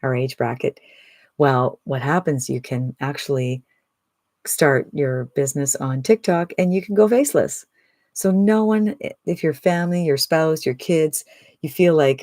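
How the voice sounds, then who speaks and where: Sixties, mid-pitched voice, chatty sales pitch, rhetorical questions, dry close sound. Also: steady tone, unhurried, darkish tone, dry recording. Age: 60s. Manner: upbeat, chatty, many rhetorical "right?". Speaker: online business promoter.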